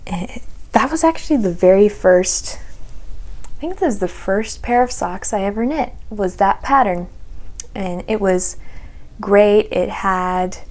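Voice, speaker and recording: A young adult woman hosting a podcast, chatting casually about her knitting projects and sometimes slipping into a soft whisper. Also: medium pitch, animated, unhurried. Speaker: podcast host.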